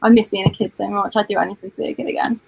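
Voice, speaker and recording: A woman's voice: medium pitch, fairly even intonation, very fast, creaky, slight background noise, poor audio. A British woman in her twenties hosting a casual livestream, chatty and full of "like" and "um" as she reads out comments. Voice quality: chatty, filler-heavy, often says "like". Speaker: livestream host.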